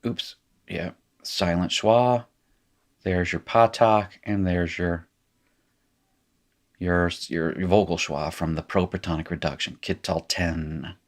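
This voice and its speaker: A man with a very low voice and an Appalachian accent from North Carolina talks through a recorded lesson. He explains at a relaxed pace, often correcting himself mid-sentence and checking in with "right?". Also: slow, long pauses. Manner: casual, self-correcting explainer who laughs at his slips. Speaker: teacher. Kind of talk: recorded lecture.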